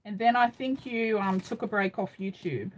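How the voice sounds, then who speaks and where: A woman's voice: medium pitch, normal speed, poor audio. A middle-aged Australian woman hosting a craft live stream, chatting casually and rambling with frequent ums, recorded on a phone. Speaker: craft channel host.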